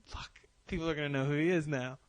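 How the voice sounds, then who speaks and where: A man's voice: on the high side, steady tone, quick pace, heavy background noise. A man, a podcast co-host, telling a rambling, self-deprecating anecdote in casual comedic chat.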